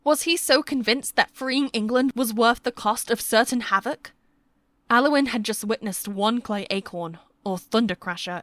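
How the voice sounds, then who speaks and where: A woman narrating a historical fantasy romance audiobook with steady, measured storytelling. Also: fairly high pitch, no room sound.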